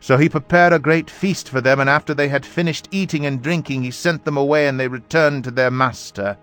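Man reading scripture over soft music. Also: medium pitch. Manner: measured, even reading voice. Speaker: Bible reader. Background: faint background music.

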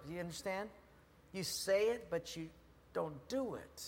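A man's voice: high-pitched, normal speed, a little hiss or hum. Man preaching in a reverberant hall. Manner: animated, swings from loud to hushed. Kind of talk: sermon. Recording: long reverb in a hall, faint ambience.

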